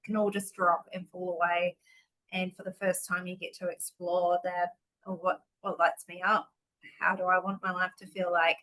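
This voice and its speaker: A woman's voice: lowish voice, flat delivery, normal speed, a bit bright, low-quality recording. A woman hosting a casual podcast interview, affirming and effusive toward her guest. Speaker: podcast host.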